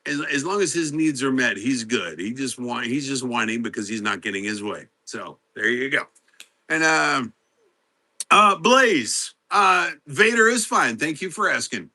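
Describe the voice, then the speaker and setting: A man's voice: medium pitch, lively intonation, measured pace, sharp tone. A middle-aged man hosting a casual live stream. He chats with viewers, greets them by name and answers their questions. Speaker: livestream host.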